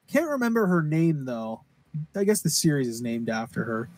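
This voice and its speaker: A man's voice: fairly high pitch, big pitch swings, moderate pace, darkish tone, dry recording. A man co-hosting a casual podcast, rambling and swearing while he recaps a story and acts out its quotes. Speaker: podcast co-host. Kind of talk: casual chat recapping a horror anime.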